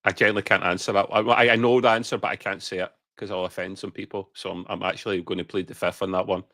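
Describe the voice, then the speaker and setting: A man's voice: sits low, level tone, fast talker, pushed and bright, dry recording, clean studio sound. A man from Scotland with a Scottish accent, co-hosting a casual podcast and chatting away, hedging his answers and laughing them off. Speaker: podcast co-host. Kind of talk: casual chat.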